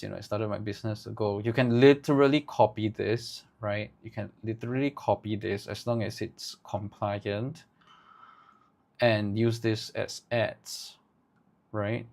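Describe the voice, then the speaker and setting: Gravelly low-voiced man thinking aloud. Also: darkish tone. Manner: thinks aloud, tags sentences with "right?"; halting, with many restarts. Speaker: agency owner teaching ad writing. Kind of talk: live ad-writing walkthrough.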